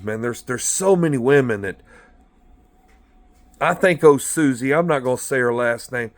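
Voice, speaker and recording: A man who is a former corrections officer, telling blunt, profane stories in a rambling monologue from inside a car. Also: fairly high pitch. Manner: profane, blunt, animated storytelling.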